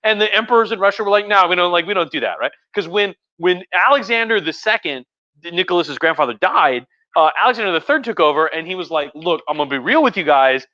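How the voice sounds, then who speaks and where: A tipsy man with a bright, forceful voice, a touch higher than most, rambles through history in a loose, profane way. The sound is dry and a little dull. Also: animated, fast talker, no room sound. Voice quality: profane, rambling, lots of fillers. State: tipsy from wine. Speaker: history professor hosting a drunk livestream. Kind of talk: casual rambling history talk.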